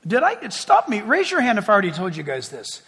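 A man, a pastor, preaching a sermon in a church, talking in a lively, conversational way with asides. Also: high voice, fast, husky. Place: church sanctuary before a congregation. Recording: long reverb of a large hall.

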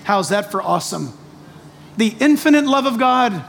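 A pastor preaching a sermon, animated, with joking asides and acted-out quotes. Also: male voice, sits high, moderate pace, creaky, a little hiss or hum. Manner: animated, jokey asides, acts out quoted voices.

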